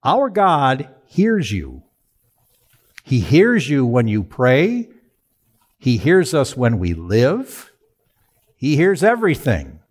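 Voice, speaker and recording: A man's voice: medium pitch, wildly swooping pitch, slow pace, pauses often. A man preaching a sermon, asking the congregation rhetorical questions and answering them himself. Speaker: pastor.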